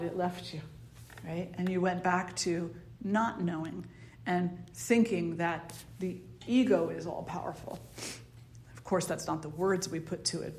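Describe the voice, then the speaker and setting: A woman spiritual teacher with a New Jersey accent giving a conversational, soft-spoken talk to a small circle, now and then acting out the ego in quoted asides. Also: on the low side, slight background noise. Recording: roomy echo.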